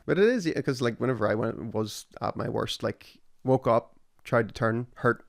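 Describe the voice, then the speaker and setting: A man hosting a relaxed podcast chat, his voice at an ordinary middle pitch. He tells stories with lively, sarcastic energy, leaning hard on ironic emphasis. The delivery stays conversational and unscripted. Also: moderate pace, vocal fry. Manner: animated, sarcastic storytelling. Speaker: podcast host.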